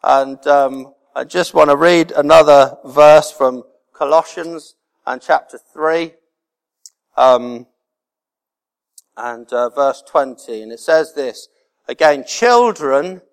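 A man's voice: a little high, takes it slowly, creaky. A man preaching a sermon as pastor, earnest and repeating key words for emphasis. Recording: reverberant hall.

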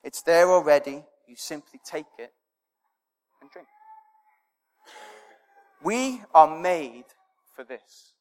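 A high-voiced man delivers a sermon, hammering home points with repeated phrases and questions he answers himself. His voice rings out in a hall with a long reverb trailing behind each line. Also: animated, slow, long pauses. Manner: emphatic, rhetorical questions and repetition, swelling then dropping to near quiet. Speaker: preacher.

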